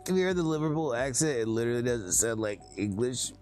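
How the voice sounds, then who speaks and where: A man's voice: fast, soft background music. Laid-back Southern man streaming. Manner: laid-back, rambling, lively pitch. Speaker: live streamer. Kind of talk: casual chat with stream viewers.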